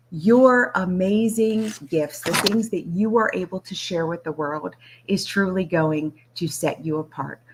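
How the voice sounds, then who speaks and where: A woman's voice: fairly low pitch, breathy edge. A woman giving an encouraging motivational talk on a video call, addressing listeners as friends. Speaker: guest speaker.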